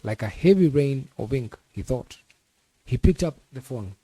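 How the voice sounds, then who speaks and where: A man, a teacher, reading a novel aloud as an audiobook in a measured storytelling manner. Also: medium pitch, lively intonation, warm tone, dry recording. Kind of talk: audiobook narration.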